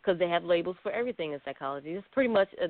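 A man's voice: high-pitched, animated, racing, no echo. A man counseling as a radio guest, talking bluntly and straight, often laughing. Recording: dry tinny phone-like line.

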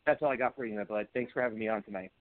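A man calling in to a talk show, speaking in a heated, fired-up way with a voice that turns a little hoarse. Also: lowish voice, rapid-fire. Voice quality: voice turning hoarse. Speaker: call-in guest. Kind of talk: political call-in rant. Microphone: phone call. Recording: tinny phone line.

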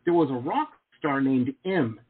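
A man's voice: mid-range voice, lively intonation, unhurried. A man from Detroit hosting a casual talk show interview, telling stories and laughing often. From Detroit, USA. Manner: chatty storyteller, laughs often. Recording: phone-like video call audio.

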